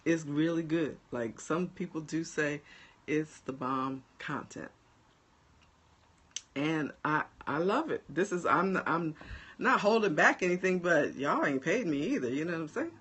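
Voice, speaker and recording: A woman with a New Jersey accent talks straight to her online viewers as a life coach. She is blunt and animated, and her voice rises and falls a lot. She speaks at an unhurried pace. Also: low-pitched, breathy edge. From New Jersey, USA. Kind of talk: casual livestream chat to viewers.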